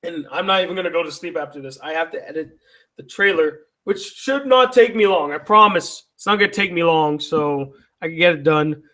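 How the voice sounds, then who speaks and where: Tired, high-voiced man chatting on a livestream. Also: expressive, a little fast, bright, forceful tone. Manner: loose, profane, teasing banter with viewers. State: tired, yawning. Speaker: YouTube channel host. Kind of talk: casual live-stream chat reading viewer comments.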